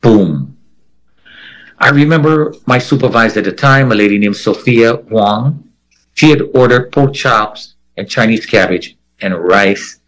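Over poor-quality audio, an interviewee with an unhurried, mid-range, slightly bright voice tells his own story. As he quotes others, he acts out their voices vividly.

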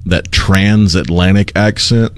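A man's voice: low-pitched, fairly even intonation, takes it slowly, no echo. A man in casual conversation, explaining language history in a lecturing way. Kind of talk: casual chat.

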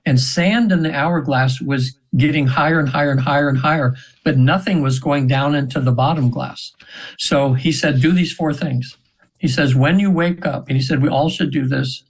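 A man's voice: fairly high pitch, normal speed, husky, rough recording. Rambling earnest man in his seventies. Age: 70s. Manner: rambling and earnest, with frequent restarts and retold quotes. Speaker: radio guest. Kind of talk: spiritual storytelling in a radio interview. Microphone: radio interview mic.

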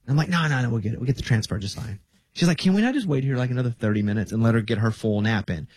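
A man's voice: on the low side, very fast. A man hosting a radio show, chatting casually and telling a story about his family. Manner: relaxed storytelling, quoting his wife. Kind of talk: casual morning radio chat.

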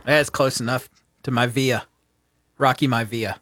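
A man's voice: mid-range voice, fairly even intonation, unhurried, a bit bright, no echo, studio quality. A man co-hosting a casual sports talk show, playful and teasing, ribbing his partner. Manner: playful, teasing, jumps into mock voices. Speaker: co-host.

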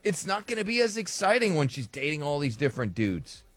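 A man co-hosting a casual podcast chat, animated and joking. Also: on the high side, brisk, no echo. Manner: animated, jokes in an old-timey voice. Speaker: podcast co-host.

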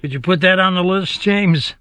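A man's voice: sits high, normal speed, a bit bright, no echo. A man hosting a live call-in radio show, plain-spoken and keeping the calls moving. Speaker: radio talk show host.

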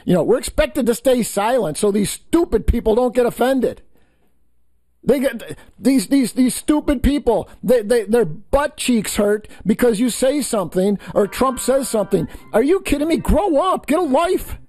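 High-voiced man ranting as a talk host. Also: lively intonation, moderate pace, dark tone. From New York State. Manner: heated, scornful, stumbles and repeats words. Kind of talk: political commentary rant.

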